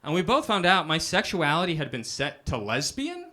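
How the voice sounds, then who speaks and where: A man's voice: a little high, huge pitch swings, normal speed, background noise. A young man doing a self-deprecating stand-up set, often asking "right?" after his punchlines. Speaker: stand-up comedian. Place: comedy club stage with a live audience.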